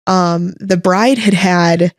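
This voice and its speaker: Brief: woman co-host, lower pitch, animated storyteller, dry close sound. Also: slow pace, no echo. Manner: animated storyteller, jumps up high when excited. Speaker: podcast co-host, wedding videographer. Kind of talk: casual chat.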